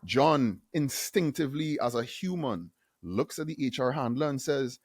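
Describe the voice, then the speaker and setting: A man from Trinidad and Tobago, a guest on an interview show, telling a story in a lively way and acting out the quotes. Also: medium pitch, moderate pace, slightly rough, no echo, clean studio sound. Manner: animated storyteller who acts out quotes. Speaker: guest, university AV manager.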